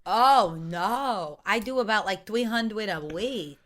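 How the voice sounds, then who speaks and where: A woman improvising on a comedy podcast, teasing and animated. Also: mid-range voice, takes it slowly, a loud crowd.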